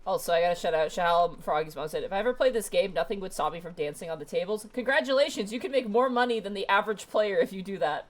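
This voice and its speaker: A woman hosting a live game stream, chatting with friends in a sarcastic manner with quick asides. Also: mid-range voice, expressive. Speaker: streamer host. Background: game music.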